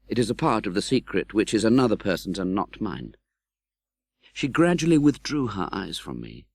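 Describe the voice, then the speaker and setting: A man reading an audiobook in scripted narration, expressive and dramatic, voicing the young hero's pleas. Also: fairly low pitch, no room sound, clean studio sound.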